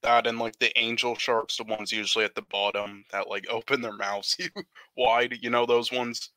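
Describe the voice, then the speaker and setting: A man co-hosting a casual podcast, talking haltingly with many fillers. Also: medium pitch, flat delivery, pushed and bright, no echo, poor audio. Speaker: podcast co-host.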